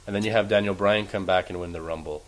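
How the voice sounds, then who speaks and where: A man's voice: low-pitched, fairly even intonation, fast talker, low-quality recording. A man co-hosting a casual wrestling podcast, swearing freely and ranting with heat. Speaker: podcast co-host.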